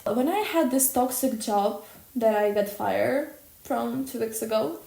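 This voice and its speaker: Loud, blunt young woman vlogging. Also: on the high side, gravelly. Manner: loud, blunt and expressive, swears freely. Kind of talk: personal vlog monologue. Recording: echoey room.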